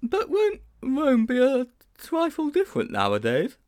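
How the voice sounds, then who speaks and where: A man putting on a young schoolboy, eager and inquisitive, with a voice pushed high and bright, a storybook child full of questions. The pitch swings widely from line to line. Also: huge pitch swings, a little slow, full character voice.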